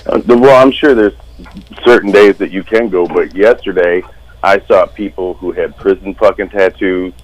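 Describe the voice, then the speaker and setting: Deep-voiced sardonic man chatting. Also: normal speed, poor audio. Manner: sardonic storyteller. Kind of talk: casual chat.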